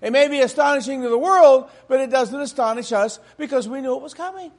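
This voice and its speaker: A man with a strikingly high voice preaches a sermon to a congregation. He talks with emphasis and keeps putting rhetorical questions to the room. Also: brisk.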